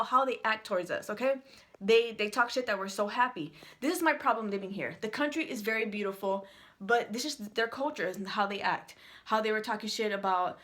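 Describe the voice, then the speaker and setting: A woman's voice: a little high, fairly bright tone. A woman from San Antonio, Texas, ranting to camera in a blunt, heated way and swearing often. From San Antonio, Texas, USA. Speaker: vlogger. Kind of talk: casual to-camera rant.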